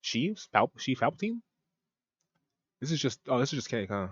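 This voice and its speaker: A man's voice: medium pitch, sing-song, normal speed, dull audio, slight background noise. A man streaming a casual reaction commentary, rambling and joking with mock-French asides. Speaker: streamer reacting to a cooking video.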